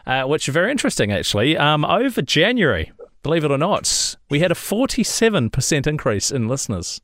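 A man's voice: fairly high pitch, very animated, brisk, fairly bright tone, dry recording. Dry-sounding New Zealand man hosting. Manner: chatty, laughs often, uses mate. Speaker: podcast host. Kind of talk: casual podcast chat.

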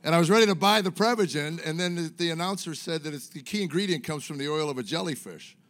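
A man's voice: a little high, fast talker, fairly bright tone. A middle-aged man doing a stand-up comedy set on stage, telling rambling, self-mocking stories full of fillers. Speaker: stand-up comic. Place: comedy stage before a live audience.

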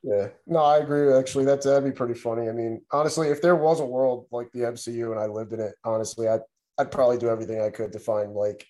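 Male podcast co-host, warm dark tone, relaxed and chatty, mid pitch. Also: fast talker. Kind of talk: casual pop-culture podcast chat.

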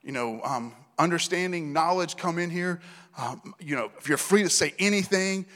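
Animated preacher man in an echoing hall. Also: fairly high pitch, moderate pace. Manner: animated storyteller acting out dialogue, laughing often. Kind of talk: sermon storytelling. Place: church hall. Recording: reverberant hall.

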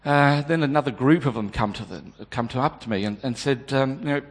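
A man's voice: mid-range voice, fairly quick, lightly acted. A man playing a stammering, guilt-stricken disciple. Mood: agitated. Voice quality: stammering, repeats words. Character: remorseful male disciple haunted by denial. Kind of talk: dramatic first-person monologue. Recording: long hall reverb.

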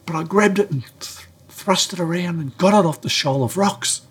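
Husky, middle-aged male preacher; storytelling delivery. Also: normal speed. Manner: animated storyteller, acts out dialogue with raised pitch. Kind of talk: sermon-style talk with storytelling.

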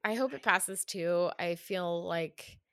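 A woman in a casual political chat, chatty and full of fillers, getting animated when riled. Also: fairly low pitch, slow, no echo, studio quality.

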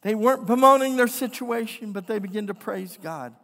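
A man preaching a sermon, building from quiet storytelling to impassioned, shouted declarations. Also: sits high, brisk, gravelly. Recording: long hall reverb.

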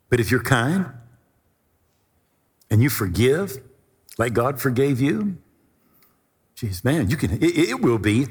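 A middle-aged male pastor preaching a sermon, telling a personal story with animated emphasis. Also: medium pitch, vocal fry, slightly rough, big-room sound.

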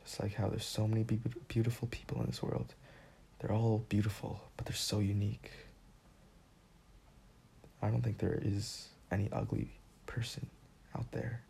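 A man's voice: on the low side, flat delivery, moderate pace, gravelly, pauses often, mellow, slight background noise. A man hosting a casual solo podcast, rambling and joking as he talks to himself. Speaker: podcast host.

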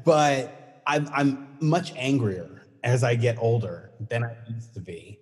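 A middle-aged man hosting a casual chat, relaxed and teasing, who laughs often. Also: medium pitch, takes it slowly, in a large hall.

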